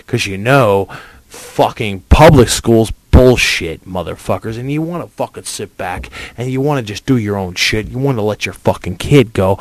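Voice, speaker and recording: A man's voice: fairly low pitch, animated, unhurried, dry recording. A young man hosting a podcast, ranting angrily, confrontational, swearing nonstop. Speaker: podcast host. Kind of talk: profane angry rant.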